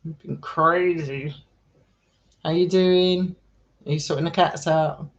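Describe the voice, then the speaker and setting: Chatty man with a higher voice. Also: steady tone, takes it slowly, muffled recording. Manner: chatty and affectionate, calls viewers darling and sweetheart. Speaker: live streamer and paranormal explorer. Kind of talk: casual live stream chat with viewers.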